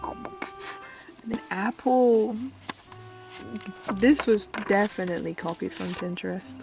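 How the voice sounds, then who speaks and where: Speaking slowly with vocal fry, a young woman from the United Kingdom chats casually as a vlogger in a medium-pitched voice, faint music behind her. Her manner is giggly and self-mocking; she tends to trail off muttering and squeals excitedly when she finds things.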